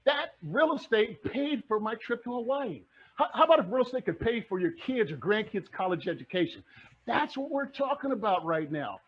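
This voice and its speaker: A man's voice: sits high, big pitch swings, moderate pace, husky. A middle-aged man giving a motivational presentation to a club, full of energy and firing rhetorical questions at the audience. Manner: acts out the audience's replies. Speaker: real estate investor and presenter. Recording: dull lo-fi recording.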